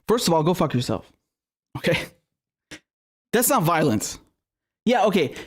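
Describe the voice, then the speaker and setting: A man's voice: high voice, very animated, unhurried, breathy edge. A man giving an angry political rant as a commentator, swearing heavily and stumbling over his words in a room with a globe behind him.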